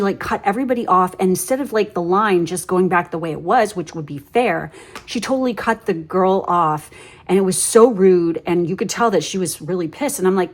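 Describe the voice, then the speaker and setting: A woman giving a casual tarot reading, telling stories bluntly with lots of swearing, "like" fillers and sudden animated outbursts. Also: medium pitch. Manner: blunt, ranting, swears freely; animated storyteller with many fillers. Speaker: tarot reader.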